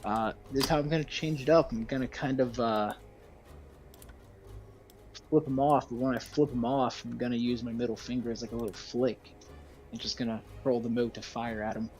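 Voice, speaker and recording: A man's voice: mid-range voice, normal speed, faint music behind. Man playing a tabletop game, hesitant. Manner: relaxed, hesitant. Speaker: player. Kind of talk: casual game chat.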